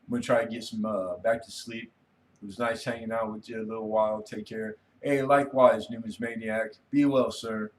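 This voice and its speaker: A man's voice: fairly low pitch, level tone, fairly quick, a little hiss or hum. A man hosting a casual late-night livestream, rambling easily and reading viewer comments aloud. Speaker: livestream host.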